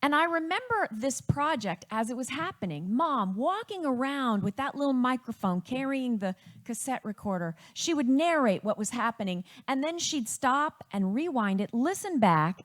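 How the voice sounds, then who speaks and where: A woman from Wisconsin telling a personal family story in a reflective, unhurried way. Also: sits high, very animated.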